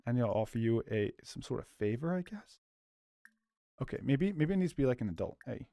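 A man's voice: mid-range voice, lively intonation, fairly quick, mellow, no room sound, studio quality. A young man casually commentating a life-sim game for his channel, joking around and calling himself a little loopy. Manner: goofy, self-described loopy, jokey asides to the viewers. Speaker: gaming YouTuber. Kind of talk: let's play commentary.

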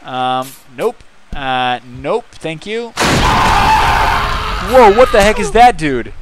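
A man with a slightly high, very lively voice plays through a game, muttering to himself before erupting into loud yelps and cheers. He talks at an unhurried pace between outbursts, and a steady hiss of noise sits under the home recording. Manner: mumbles menus, then bursts into excited yells. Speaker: gaming channel host. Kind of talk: let's-play commentary.

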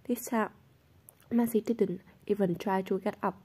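Woman reading a novel in a mellow voice. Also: mid-range voice, steady tone, measured pace, breathy edge. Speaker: audiobook reader.

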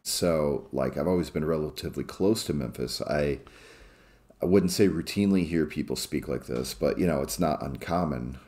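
Very deep-voiced Midwestern man, chatting. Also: warm tone. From American Midwest. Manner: measured, thoughtful, with many fillers. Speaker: podcast co-host. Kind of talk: casual podcast chat.

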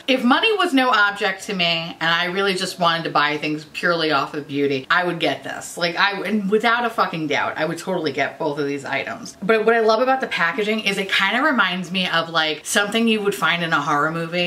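Brief: woman in her 30s, bright sassy vlogger, swears a lot, big swings in pitch. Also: expressive, a little fast, few pauses, slight background noise. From United States. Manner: sarcastic, swears constantly, jumps into silly voices. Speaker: beauty YouTuber. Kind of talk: casual profane rant.

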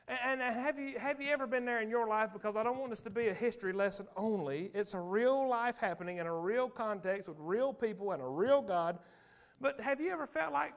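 A man preaching a sermon in a church, animated and calling out to the congregation. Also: sits high, brisk. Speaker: pastor. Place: church sanctuary.

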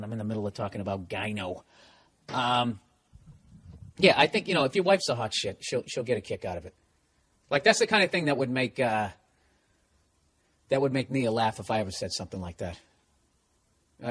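A man hosting a casual comedy podcast, reading listener letters and ranting in a profane, animated way. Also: on the low side, fairly quick, pauses often, a little hiss or hum. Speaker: podcast host.

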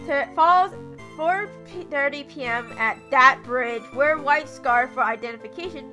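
A woman's voice: sits high, measured pace, bright, forceful tone, soft background music. A young adult woman giving casual, rambling gaming commentary and swearing. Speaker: let's play commentator.

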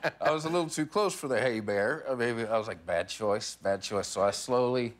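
A man in his forties, a guest on a talk show, tells a comic story and laughs through his punchlines. His voice is medium-pitched and fairly quick, and the setting is a TV studio with a live audience.

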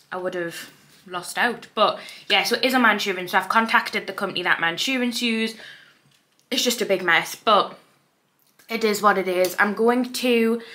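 A woman's voice: medium pitch, bright, forceful tone. A young woman with a Geordie accent, chatting casually to camera in a rambling vlog, with a slight lisp from dental aligners. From North East England. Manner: chatty and rambling, with frequent fillers. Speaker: vlogger.

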